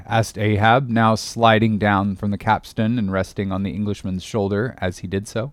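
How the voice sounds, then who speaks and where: A man narrating a classic sea novel as an audiobook in a measured, expressive reading. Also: lowish voice, no room sound, clean studio sound.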